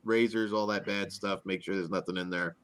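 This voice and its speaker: A man co-hosting a casual review podcast, his voice going hoarse, animated at times and trailing into mumbles. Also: sits low, a little fast. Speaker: podcast co-host. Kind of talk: casual banter.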